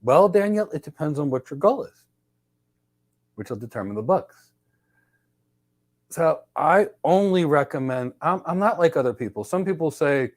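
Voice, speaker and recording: A man hosting a podcast, giving casual career advice and telling lively stories that he acts out in dialogue. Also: fairly high pitch, moderate pace, pauses often. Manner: energetic storyteller who acts out dialogue. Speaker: podcast host.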